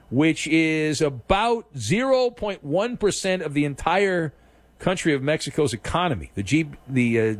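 Lively teasing male radio host. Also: on the high side, no echo. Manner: teasing, playful ringmaster. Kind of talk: sports talk radio banter.

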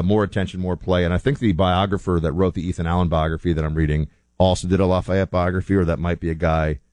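Low-voiced chatty man. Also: darkish tone, dry recording. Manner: rambling, chatty, self-correcting. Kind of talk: casual monologue.

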